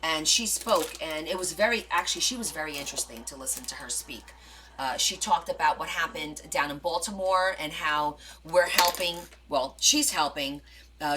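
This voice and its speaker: A middle-aged woman with a New Jersey accent, chatting casually on a live stream and acting out the voices in her stories, with many fillers. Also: sits low. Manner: animated, acts out quoted voices, many fillers. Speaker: live stream crafting host. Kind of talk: casual storytelling chat.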